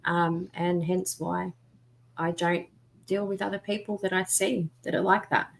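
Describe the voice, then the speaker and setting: Woman, guest podcaster; deep for a woman, talkative, animated. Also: measured pace, gravelly. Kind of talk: casual chat.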